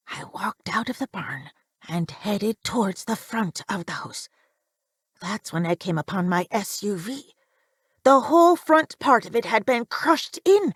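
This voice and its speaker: A woman's voice: mid-range voice, expressive, measured pace, slightly rough, dry recording, clean studio sound. A woman narrating a first-person horror story, reading it with tense, emphatic delivery.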